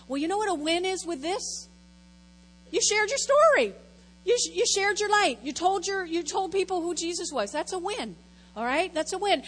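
A woman's voice: very high-pitched, fairly bright tone, big-room sound, low-quality recording. A woman, a lay speaker, giving a chatty, rambling, self-deprecating testimony talk at church.

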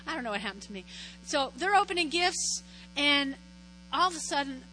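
High, bright-voiced woman pastor. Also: fairly quick, faint music behind, poor audio. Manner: animated, storytelling, keeps checking in with "right?". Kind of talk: conversational sermon.

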